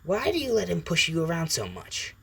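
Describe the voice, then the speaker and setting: A man voicing a blunt, mocking alien symbiote in a storybook reading, with a dry, drawn-out, teasing delivery. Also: a little high, huge pitch swings, vocal fry, sharp tone, breathy edge, pitched above the performer's own voice, full character voice.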